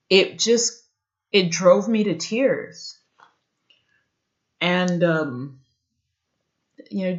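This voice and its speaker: Young woman, slow unhurried storytelling, earnest and reflective, muffled lo-fi recording. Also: fairly low pitch. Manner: earnest, reflective, searching for words. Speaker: vlogger. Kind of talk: personal storytelling. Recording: dull lo-fi sound.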